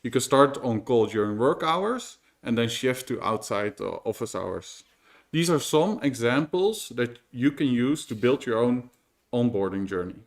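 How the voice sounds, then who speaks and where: A man presenting at a tech meetup, his voice sitting at an ordinary middle pitch. He explains his points plainly, pausing and restarting often as he goes. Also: animated. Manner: explanatory, frequent fillers and restarts. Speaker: conference speaker. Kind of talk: conference talk.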